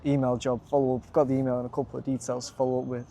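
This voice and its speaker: A young Lancashire man talks straight into a handheld camera in a casual, excitable vlog. His voice sits at an ordinary middle pitch, and he keeps calling the viewer mate. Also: racing, creaky, slight background noise. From North West England. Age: young adult. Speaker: vlogger pitching to bars.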